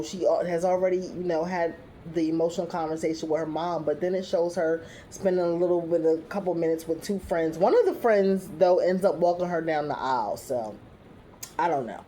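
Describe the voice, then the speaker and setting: A woman's voice: fairly low pitch, moderate pace, warm tone, a little hiss or hum. A young adult woman giving a casual recap review, chatty and full of fillers, with blunt, sassy asides.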